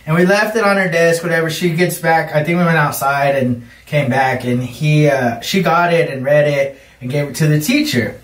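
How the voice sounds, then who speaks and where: A man's voice: on the high side, moderate pace, few pauses. Young man telling stories in an echoey room. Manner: animated storyteller, acts out shouted quotes. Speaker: podcast co-host. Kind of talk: casual storytelling chat. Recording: echoey room, mic at a distance.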